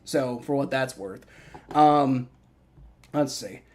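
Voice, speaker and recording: A man hosting a live play-by-play reaction stream, excitable and swearing loudly at bad plays while chatting with his viewers. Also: medium pitch, takes it slowly. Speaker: livestream host.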